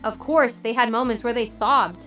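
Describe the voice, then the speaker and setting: A woman religious teacher telling a story in a sermon, earnest and measured, with dramatic pauses. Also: on the high side, fairly even intonation, a bit bright, soft background music.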